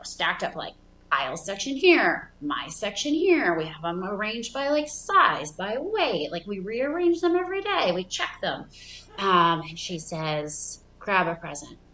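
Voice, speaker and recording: A woman's voice: mid-range voice, sharp tone, echoey room, rough recording. A woman in her thirties telling a childhood story in a stand-up comedy set, casual and rambling with lots of fillers. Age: 30s.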